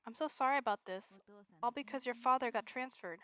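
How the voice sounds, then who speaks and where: A woman's voice: fairly high pitch, fairly quick, fairly bright tone, muffled recording, natural voice. A woman voicing a weary, fussing middle-aged mother while reading game dialogue aloud, in fretful, sighing complaints.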